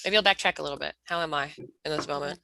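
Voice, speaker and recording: A woman's voice: low voice, fast talker, creaky, sharp tone, slight background noise. A woman sharing candidly in a casual peer talk, swearing a lot and often restarting her sentences. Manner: raw, heavy swearing, frequent restarts.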